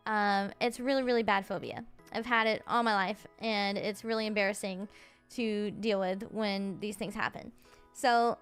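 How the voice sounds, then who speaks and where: A woman around thirty, a streamer telling a story in a chatty, halting way, full of "like" fillers and restarts. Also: fairly high pitch, fairly bright tone, clear, resonant tone. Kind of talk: casual storytelling.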